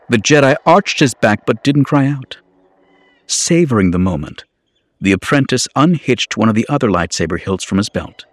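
A man giving a dramatic, measured audiobook narration. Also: fairly low pitch, a little hiss or hum. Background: music score.

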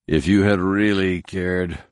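A cold, contemptuous schemer speaks calmly and slowly, taunting in a very deep voice, as a male narrator plays him. His words stay measured. The recording is dry and close. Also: clean tone, dry recording.

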